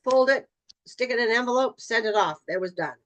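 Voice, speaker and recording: A middle-aged woman with a high-leaning, expressive voice talks briskly while training real estate agents. She keeps it conversational and acts out snatches of client dialogue.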